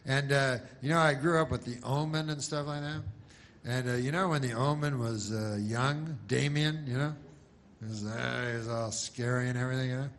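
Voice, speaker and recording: A man doing rambling stand-up comedy in a deadpan, meandering way. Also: medium pitch, slight background noise. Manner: deadpan, meandering, slow-burn.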